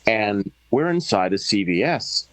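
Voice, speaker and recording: A man's voice: on the low side, sing-song, unhurried, a bit bright, dry recording, low-quality recording. A man in his forties, a guest, telling exaggerated comic anecdotes in a casual chat. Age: 40s.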